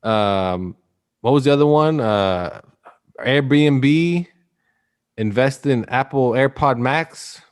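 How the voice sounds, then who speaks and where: A man's voice: mid-range voice, slow pace, clean tone. A man hosting a podcast in casual, rambling chat, joking and teasing his co-hosts. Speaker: podcast host.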